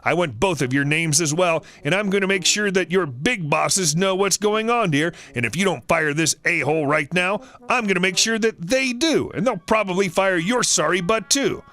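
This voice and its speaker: A man's voice: high voice, animated, normal speed, few pauses, bright, forceful tone. A man voicing a rude, entitled woman customer who rants, swears and makes accusations. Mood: ranting.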